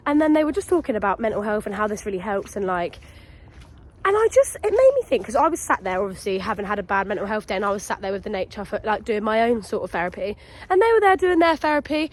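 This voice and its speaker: Chatty, excitable young woman. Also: high voice. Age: 20s. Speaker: podcast host. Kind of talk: casual chat vlog. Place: outdoors in a nature reserve.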